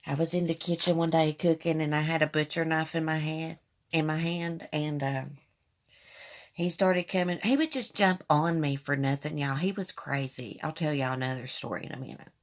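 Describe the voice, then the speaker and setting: A woman hosting a casual live chat, candidly telling personal stories to her viewers on a phone stream. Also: low voice. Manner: candid, storytelling, addresses viewers as y'all. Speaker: livestream host.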